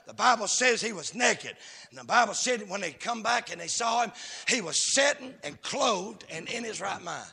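High, gravelly preacher man. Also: expressive, normal speed. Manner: fervent, shouting preaching with sing-song cadence. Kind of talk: sermon.

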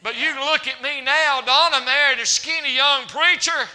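A man's voice: extremely high pitch, normal speed, sharp tone, faint music behind. A man preaching a folksy, humorous sermon as a traveling evangelist in a church. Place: church hall. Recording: reverberant church hall.

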